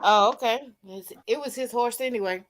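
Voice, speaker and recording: A woman's voice: fairly high pitch, normal speed, background noise. A woman chatting casually on a livestream, playful, laughing often and acting out what people said. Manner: playful, laughs a lot, acts out quotes.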